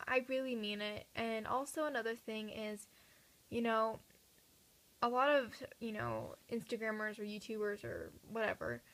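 Teen girl vlogger, higher-pitched, slightly raspy, earnest rambling chat to camera from home. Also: a bit bright, poor audio. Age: teens. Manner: chatty, earnest, many fillers and restarts. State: slightly raspy from talking a lot. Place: at home at night.

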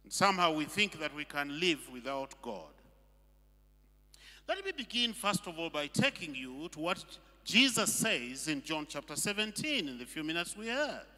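A pastor with a high, lively voice preaches a sermon at a normal speed in a church hall. His emphatic delivery is full of rhetorical questions, and the recording has the long, echoing reverb of the hall.

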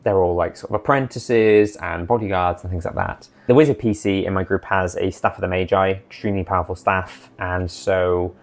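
A man recapping his tabletop campaign as dungeon master, in a chatty, animated way. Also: deep voice, normal speed, vocal fry, few pauses.

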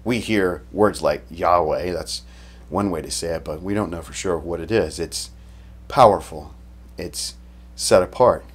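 Male pastor, lowish voice, conversational sermon, casual retelling, frequent restarts. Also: a little slow, husky.

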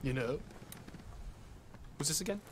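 A gaming streamer with a fairly high, animated voice plays a mystery game at an unhurried pace, slight noise in the background. He thinks aloud casually and chats with his viewers as he figures things out.

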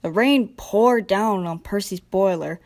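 A young woman narrating a children's train storybook in a gentle, expressive read-aloud manner. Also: mid-range voice, unhurried. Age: young adult. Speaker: storybook reader.

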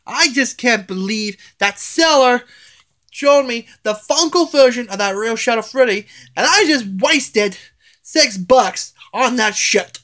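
A man's voice: very high voice, expressive, measured pace, a bit bright. A man ranting in a casual home vlog, angry and swearing, often stammering and restarting his words. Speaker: vlogger. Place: at home, indoors.

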